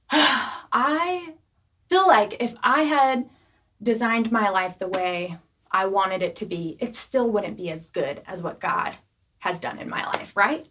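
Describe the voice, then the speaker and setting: A young woman preaching a casual youth sermon, chatty and animated, full of "like" and "right?" asides. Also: medium pitch, slow, slight background noise. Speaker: youth pastor.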